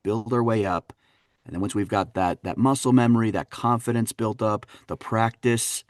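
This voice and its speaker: A man, an actor and dialect coach, telling lively stories in a casual interview and acting out what others said. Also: on the low side, normal speed, dry recording, studio quality. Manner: animated storyteller, acts out quotes, laughs often. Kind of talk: conversational interview.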